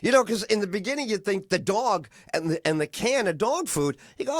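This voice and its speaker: Animated, rambling male radio host. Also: high voice, a little fast, few pauses, no echo, studio quality. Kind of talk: casual radio chat.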